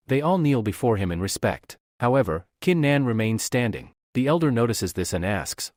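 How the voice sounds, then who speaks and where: A man narrates a fantasy comic recap with dramatic storytelling. His pitch moves animatedly, and the recording is dry and close, with a mid-range voice. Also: lively intonation, normal speed, few pauses, a little mellow, no echo.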